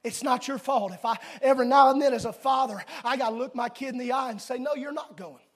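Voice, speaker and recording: A middle-aged man preaching a sermon in a church, swinging between emphatic shouted declarations and quiet, chatty asides to the congregation. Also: very high voice, steady tone, fast.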